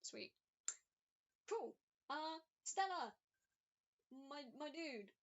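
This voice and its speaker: A woman running a tabletop game as game master, narrating in an animated, chatty way with plenty of ums. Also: high-pitched, drawn-out words, lo-fi sound.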